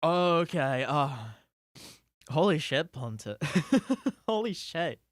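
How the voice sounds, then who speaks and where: An excitable game streamer giving live-stream commentary, thinking aloud, swearing and laughing between words. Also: mid-range voice, takes it slowly, no room sound, clean studio sound.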